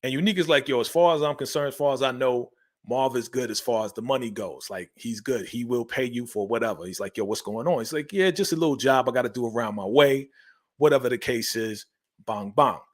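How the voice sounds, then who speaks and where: A man's voice: mid-range voice, fairly quick. A man hosting a casual TV episode recap, talking in slang and acting out the characters' lines as he retells each scene. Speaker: TV show recap host.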